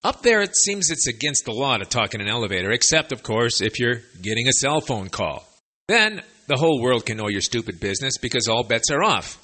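Male language teacher with a husky, forceful voice and lively delivery; casual, wry, sarcastic asides. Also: medium pitch, brisk. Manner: lively, chatty explaining. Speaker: Spanish teacher for expats. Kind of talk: conversational language lesson.

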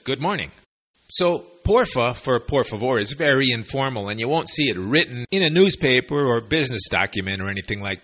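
A man's voice: mid-range voice, breathy edge. A man giving a conversational language lesson to expats, explaining phrases with wry, sarcastic asides. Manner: lively, chatty explaining. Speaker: Spanish teacher for expats.

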